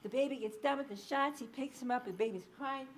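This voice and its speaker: A woman delivers a public lecture, telling stories with energy and explaining research plainly. Her voice sits a little on the high side. She pauses with frequent ums and uhs as she goes. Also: slight background noise. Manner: lively anecdotal storytelling, acting out quoted speech.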